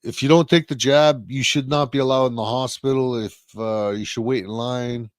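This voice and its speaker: A man's voice: mid-range voice, level tone, moderate pace, clear, resonant tone, no echo, studio quality. A man co-hosting a casual live-stream talk show, blunt and profane, firing off rhetorical questions. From Canada.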